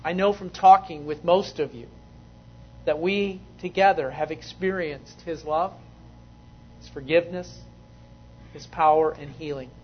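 A man preaching a sermon as pastor in a church, measured and earnest. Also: on the high side, dull audio, a little hiss or hum. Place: church sanctuary.

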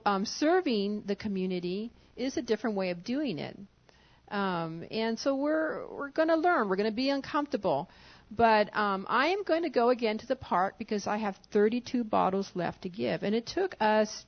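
A pastor's wife giving an informal sermon, coaxing and chatty with frequent chuckles. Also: female voice, mid-range voice. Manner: conversational, coaxing, often chuckling. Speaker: pastor's wife leading a church service. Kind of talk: informal sermon talk to a congregation. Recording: dull lo-fi church recording.

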